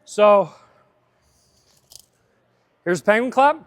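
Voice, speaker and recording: A man's voice: high voice, expressive, very slow, smooth. A man coaching a live fitness seminar, upbeat and chatty, drifting into side tangents.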